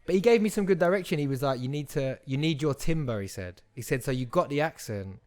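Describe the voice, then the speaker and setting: A man's voice: fairly high pitch, lively intonation, fast, darkish tone. A young man, an actor guest in a casual podcast chat who rambles, restarts often and acts out quotes.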